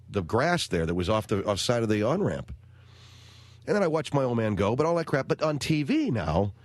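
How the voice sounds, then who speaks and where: A man in his forties with a middling voice who rambles through wry stories as a talk radio host. He speaks into a close studio microphone in a dry room with no echo. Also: medium pitch.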